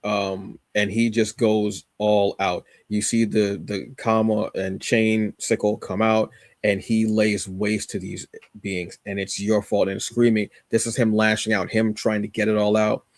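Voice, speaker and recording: A man's voice: lowish voice, level tone, unhurried, no room sound, clean studio sound. A man co-hosting a podcast, casually reviewing a comic with rambling enthusiasm, many fillers and restarts.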